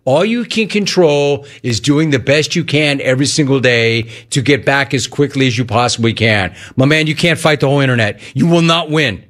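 A man's voice: medium pitch, animated, brisk, few pauses, fairly bright tone. A man hosting a sports talk radio show, talking in an emphatic monologue that hammers key lines home by repeating them. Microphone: studio broadcast mic.

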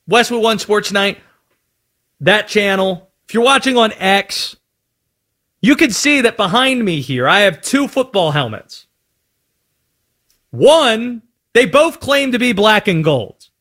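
Male sports radio host, lively high voice, playful ranting delivery. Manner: animated, playful rants. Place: radio studio.

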